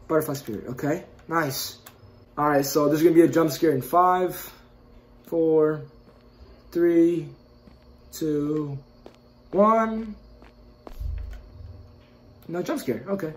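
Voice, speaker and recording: A man recording let's-play commentary on a horror game, jumpy and excitable, yelping at scares and then muttering and trash-talking the game with constant mild cursing. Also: on the high side, takes it slowly, long pauses. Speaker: gaming YouTuber.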